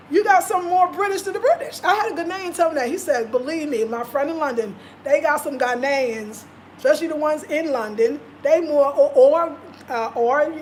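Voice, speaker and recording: A woman's voice: sits high, moderate pace, slight background noise. A woman vlogger talking casually and passionately, repeating her points for emphasis. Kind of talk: casual live-stream talk.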